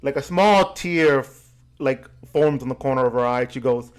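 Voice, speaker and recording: A man running a tabletop fantasy game as game master, narrating scenes and speaking for the characters in a relaxed storytelling way. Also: mid-range voice, clear, resonant tone. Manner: relaxed storytelling with quick asides and restarts.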